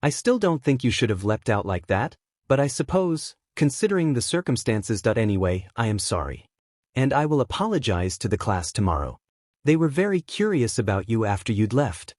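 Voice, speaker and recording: A man's voice: mid-range voice, very animated, normal speed, a little mellow, no room sound, clean studio sound. A man reading as a weary, guarded teacher. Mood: apologetic. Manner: stiff, earnest apology. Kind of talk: fanfiction reading.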